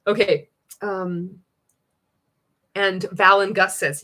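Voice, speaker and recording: A woman's voice: lowish voice, extremely slow, long pauses, sharp tone. A woman hosting a casual livestream, reading out viewer comments. She is sarcastic, swears freely and laughs often. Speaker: livestream host.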